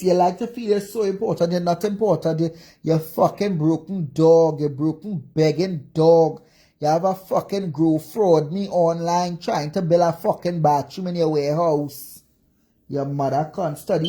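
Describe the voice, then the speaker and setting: A Jamaican-accented social media commentator rants with fury on a livestream, packing it with profane insults and cursing again and again. Her voice is lowish and mellow, and she talks at a normal speed.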